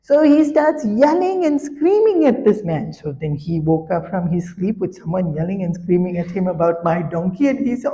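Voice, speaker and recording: A woman spiritual teacher giving a sermon, telling a story with animated, laughing delivery. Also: fairly low pitch, normal speed, few pauses, in a large hall.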